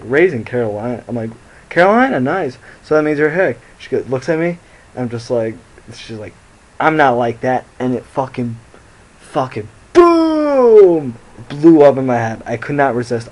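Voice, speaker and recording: A young male vlogger talks into his phone camera, rambling through a profane story and laughing at his own jokes. His mid-range voice has a darkish tone at normal speed, and the recording is rough.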